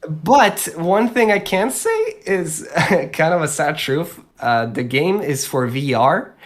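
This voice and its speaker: A man's voice: fairly high pitch, animated. A young man, a voice actor guest, talking casually with many fillers and restarts. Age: young adult. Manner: halting, lots of fillers and restarts. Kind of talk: casual podcast chat.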